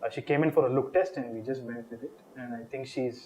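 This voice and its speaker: A film director, a man with an Indian English accent, telling lively stories in an interview, often laughing and quoting people. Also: medium pitch, very fast, a little hiss or hum, low-quality recording. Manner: animated storyteller, laughs often, quotes others. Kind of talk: anecdotal interview answer.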